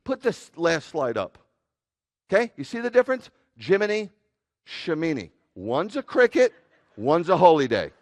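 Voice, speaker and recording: A man preaching as rabbi to a congregation, animated and joking, swinging from loud outbursts to quiet asides. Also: a little high, normal speed. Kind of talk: sermon.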